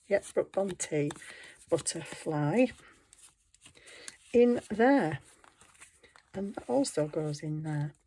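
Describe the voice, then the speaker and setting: A middle-aged woman talks casually through her handmade work. Her voice sits a little on the low side, and she giggles and pokes fun at herself as she goes. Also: darkish tone, husky. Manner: chatty, giggly, self-deprecating. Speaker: craft vlogger. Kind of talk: casual show-and-tell narration.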